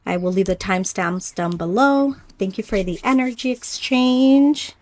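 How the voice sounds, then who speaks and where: A woman with a medium-pitched voice leads a pick-a-card spiritual reading. She speaks gently and reflectively, addressing her viewers directly. She pauses often and now and then trips over a word. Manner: unhurried with pauses and small stumbles. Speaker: oracle card reader.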